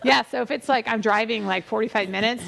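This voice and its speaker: A woman's voice: a little high, fast talker, vocal fry, fairly bright tone. A woman realtor hosting a real estate show, telling stories in a chatty, rambling way with many fillers and restarts. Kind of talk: casual conversational storytelling.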